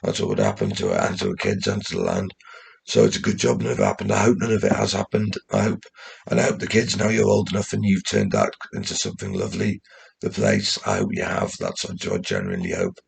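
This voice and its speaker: A man talking in a rambling, casual monologue, often swearing and restarting his sentences, with a gravelly, husky voice. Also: fairly low pitch, lively intonation, fast. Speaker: commentator.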